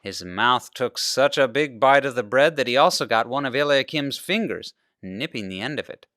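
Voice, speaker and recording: A male pastor reading a children's storybook aloud, narrating in an expressive way. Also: medium pitch, moderate pace, no echo, studio quality.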